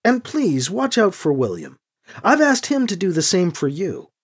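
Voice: medium pitch, huge pitch swings, moderate pace, breathy edge. A narrator voicing a stern, protective aunt. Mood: insistent. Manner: stern, insistent. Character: older aunt, protective and disapproving. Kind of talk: audiobook character reading.

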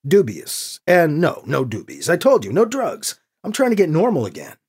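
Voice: mid-range voice, wildly swooping pitch, moderate pace, a little mellow, slightly rough. A narrator voicing a weary male priest who talks in a wry, muttering, self-deprecating way.

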